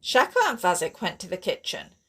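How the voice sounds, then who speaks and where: A woman author reading her own sci-fi horror novel aloud in steady, expressive audiobook narration. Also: on the low side, fairly quick, breathy edge.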